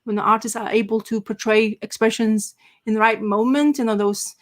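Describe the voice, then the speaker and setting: A woman's voice: a little high, fairly even intonation, normal speed. A woman chatting casually as a podcast co-host, rambling with enthusiasm and many fillers and restarts. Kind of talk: casual chat.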